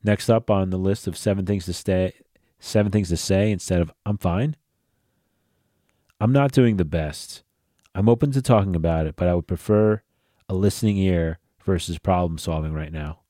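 A deep, mellow-voiced man hosts a casual solo podcast at a moderate pace, sounding tired and yawning. He talks bluntly and profanely in a loose, conversational manner. The recording is dry and of studio quality.

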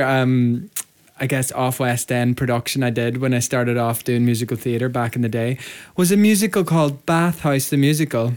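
A man's voice: mid-range voice, a little mellow, clear, resonant tone. An Irish man co-hosting a podcast in casual chat, telling stories with a chatty, self-mocking manner and easy laughs. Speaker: podcast co-host, musical theatre performer.

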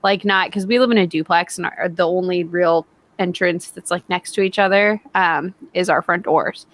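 A woman's voice: lowish voice, normal speed. A woman co-hosting a casual podcast chat, blunt and swearing, acting out quoted lines in put-on voices. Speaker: podcast co-host.

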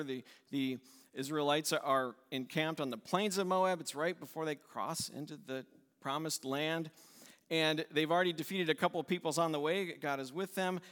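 A pastor giving a conversational sermon, retelling a story and acting out its voices with a light laugh. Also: male voice, a little high, a bit bright, long reverb tail.

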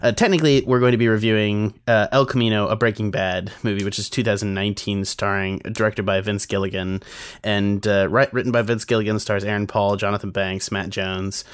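A man's voice: lowish voice, steady tone, a little fast, clear, resonant tone, dry recording. A man co-hosting a movie podcast in casual chat, rambling and restarting his sentences. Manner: rambling, self-interrupting, repeats words. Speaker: podcast co-host.

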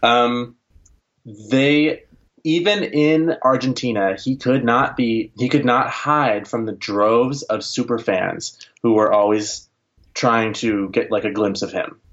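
A podcast co-host sharing film trivia in casual chat, relaxed, with many fillers. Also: mid-range voice, takes it slowly, lo-fi sound.

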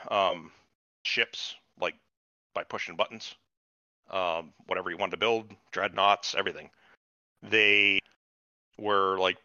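Man ranting and swearing, bright forceful voice, dry dull lo-fi sound. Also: lowish voice, dry recording. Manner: profane, ranting, exasperated. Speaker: podcast host. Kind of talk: casual chat. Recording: dull lo-fi recording.

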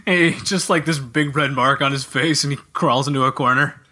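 Jokey man with a bright voice. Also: fairly high pitch. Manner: jokey, animated, breaks into silly character voices. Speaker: podcast co-host. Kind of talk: casual gaming podcast chat.

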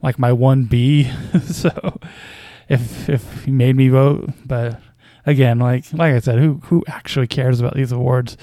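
Gravelly, wry male basketball podcaster. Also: mid-range voice, steady tone, unhurried, dark tone, no room sound. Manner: hesitant, many fillers and chuckles, wry. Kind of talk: casual commentary.

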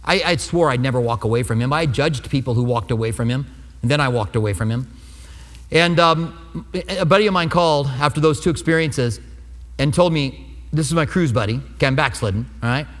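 A man's voice: mid-range voice, brisk. A man preaching a sermon as pastor, telling a personal testimony in an earnest, conversational way. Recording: long hall reverb.

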